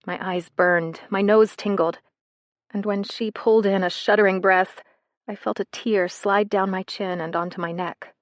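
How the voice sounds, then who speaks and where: A woman reading a first-person romance novel in a soft, intimate way, as scripted narration. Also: medium pitch, steady tone, normal speed, no room sound. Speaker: audiobook narrator.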